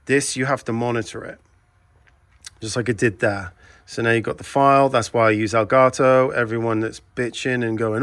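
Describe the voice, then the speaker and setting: An English man with a mid-pitched voice runs a casual vlog from his own shop late at night. He talks bluntly and chattily, slipping into ranting asides as he works. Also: fairly even intonation, normal speed, a bit bright, dry recording. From England. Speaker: video transfer shop owner.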